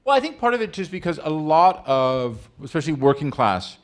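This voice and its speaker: A man hosting an on-stage interview, reading out audience questions and teasing his guest in a playful, energetic way. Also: a little high, brisk. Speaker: interview host.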